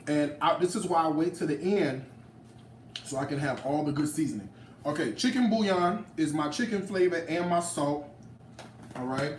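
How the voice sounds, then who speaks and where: A man's voice: a little high, moderate pace, far from the mic, a little hiss or hum. A man in his late thirties giving a casual cooking demo in a home kitchen, sassy and playful, talking back to his viewers. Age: late 30s. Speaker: home cook. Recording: roomy, off-mic kitchen sound.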